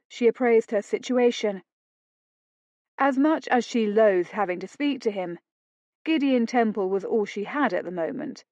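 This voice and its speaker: Slow, measured woman narrator. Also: mid-range voice, a little mellow, dry recording. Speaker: audiobook narrator. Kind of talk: scripted narration of a romance novel. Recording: dull dry lo-fi studio read.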